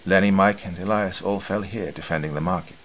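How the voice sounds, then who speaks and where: A man voicing a calm, confident squad leader who gives steady orders. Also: low-pitched, a little fast, slight background noise.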